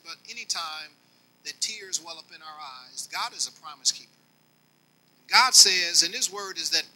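A man preaching to his congregation as their longtime bishop, swinging between quiet and loud and speaking to them directly. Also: high-pitched, poor audio. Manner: folksy, talks directly to the congregation. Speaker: pastor. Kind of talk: sermon.

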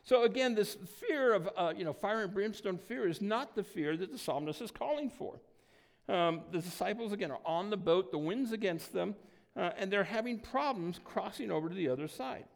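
A man preaching a sermon in a conversational way, often pausing with "um" and checking in with "right?". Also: high voice, gravelly. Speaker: pastor.

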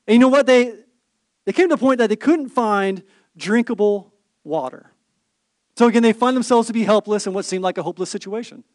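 A man's voice: sits high, a little fast, darkish tone, no echo, clean studio sound. A pastor in his thirties preaching a sermon, telling stories with rhetorical questions and playful asides.

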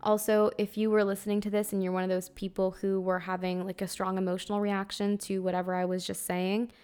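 A woman's voice: mid-range voice, little pitch movement, brisk, a little mellow, clean tone. Earnest young woman hosting a spiritual podcast. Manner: earnest, conversational, heavy use of "like", occasional swearing. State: emotional, close to tears. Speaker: podcast host. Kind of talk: casual spiritual podcast monologue.

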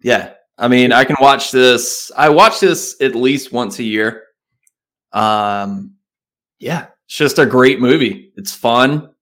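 A man's voice: mid-range voice, slow pace, fairly bright tone. A man with a Southern accent, co-hosting a podcast in a laid-back, rambling casual chat. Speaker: podcast co-host.

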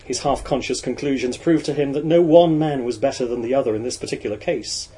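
A man narrating a novel in a measured, even storytelling voice. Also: mid-range voice, slightly rough, poor audio. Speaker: audiobook narrator. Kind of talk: reading a novel aloud.

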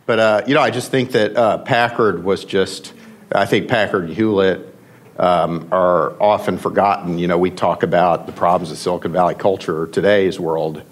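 A middle-aged man with a somewhat low voice speaks as a podcast guest. He tells his stories in a halting, emotional way and often restarts his sentences. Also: fairly even intonation. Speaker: podcast guest, venture investor. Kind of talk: storytelling in conversation.

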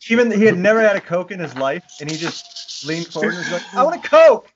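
A man's voice: high-pitched, lively intonation, fast talker. A man co-hosting a podcast, telling a funny family story in casual chat and acting out the quotes. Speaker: podcast co-host. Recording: dull lo-fi audio with faint noise.

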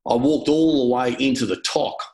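An Australian former soldier tells war stories in a relaxed, casual way, using lots of fillers and some swearing. His voice is medium in pitch, a bit mellow, and at normal speed, captured in a low-quality recording.

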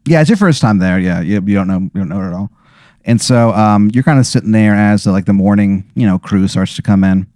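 A man's voice: lowish voice, brisk, warm tone, dry recording, studio quality. A young man in a casual podcast, improvising a rambling story full of fillers and hesitations. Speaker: podcast host.

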